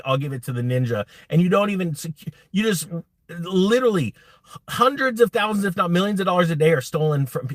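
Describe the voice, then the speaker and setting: A crypto YouTube host runs a live stream as a casual rant, talking bluntly and rambling while constantly interrupting himself and restarting. His voice sits high, with no room sound.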